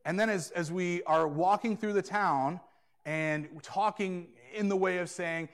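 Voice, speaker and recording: A man in his thirties preaching a sermon, earnest, moving between hushed asides and emphatic points. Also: a little high, measured pace. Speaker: pastor.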